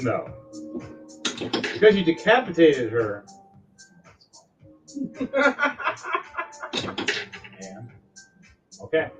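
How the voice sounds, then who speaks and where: A man narrating a tabletop game as game master, excitable and rambling with many fillers, on a dull lo-fi recording with faint music behind. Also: mid-range voice.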